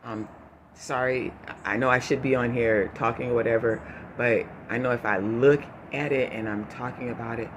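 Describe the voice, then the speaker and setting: A man talks to his viewers, emotional and choking up as he holds back tears. His speech is halting and full of fillers and restarts, at an ordinary pitch for a man. A clear, steady hiss of noise sits behind his voice. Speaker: vlogger giving a family update. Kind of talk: unscripted personal update to viewers.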